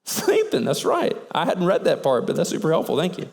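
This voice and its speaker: High-voiced pastor in a reverberant hall. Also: male voice, brisk, vocal fry, slight background noise. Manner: animated storytelling, acts out sailors' voices. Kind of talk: sermon.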